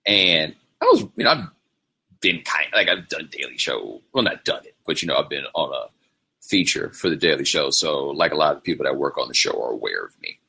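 Casting note: male host, low husky voice with a bright, forceful edge, loose rambling storyteller. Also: sing-song, brisk. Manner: rambling storytelling with quoted impressions. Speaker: show host. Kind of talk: casual livestream monologue.

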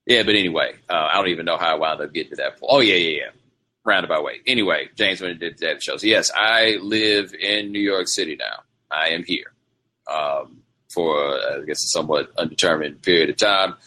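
Casting note: male host, low husky voice with a bright, forceful edge, loose rambling storyteller. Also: brisk. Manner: rambling storytelling with quoted impressions. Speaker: show host. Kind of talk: casual livestream monologue.

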